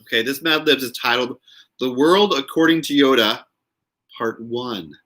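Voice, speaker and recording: A man's voice: mid-range voice, moderate pace, sharp tone. A man hosting a casual live stream, chatting with viewers in a giggly way and reading their names aloud.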